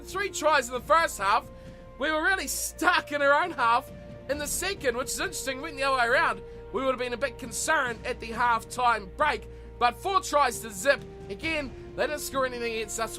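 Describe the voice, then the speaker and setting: A man with an unusually high voice, calling the action of a rugby video game like a sports commentator. He reels off play-by-play in a lively, chatty way, with game music playing clearly underneath. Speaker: video game let's player. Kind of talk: mock sports commentary over gameplay.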